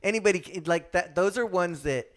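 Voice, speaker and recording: A man guest in a casual podcast chat, telling animated anecdotes and acting out the voices of people he quotes. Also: sits high, a little fast. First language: speaks German from a German mother.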